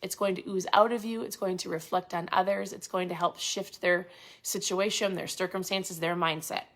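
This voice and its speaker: A woman's voice: on the low side, fairly even intonation, moderate pace, fairly bright tone. A woman hosting a lifestyle channel, chatting casually and animatedly about a motivational book. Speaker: host of a keto lifestyle channel.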